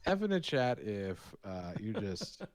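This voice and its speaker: A man with a very low voice chats casually as co-host of a live painting stream. He tells rambling stories with lively restarts. The sound is close and dry. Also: a little slow, no room sound. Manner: rambling, animated storytelling with restarts. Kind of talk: casual chat.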